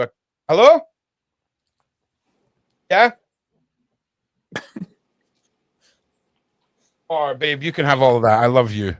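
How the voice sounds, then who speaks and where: A man's voice: a little high, fairly bright tone, dry recording, clean studio sound. A man hosting a casual livestream podcast from his home desk, rambling and chatting with viewers by name.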